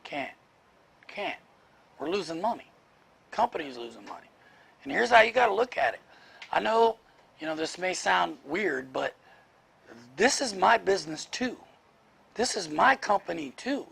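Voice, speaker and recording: A man's voice: high voice, animated, a little slow, gravelly, pauses often, a bit bright, slightly rough. A man leading a workplace leadership training session, talking bluntly and firing rhetorical questions at the group.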